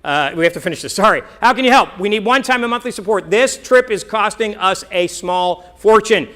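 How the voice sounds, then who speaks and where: Middle-aged man, missionary reporting to a congregation, earnest and rambling, bright, slightly high voice. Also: animated, a little fast. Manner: earnest, rambling, with self-deprecating asides. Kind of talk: church mission report with slides.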